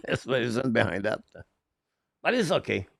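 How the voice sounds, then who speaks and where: A man calling a hockey game live as a fan play-by-play commentator, in rapid, clipped, broken phrases with eager, apologetic asides, speaking into a headset mic. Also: mid-range voice, big pitch swings, vocal fry, slight background noise. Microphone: headphones with mic.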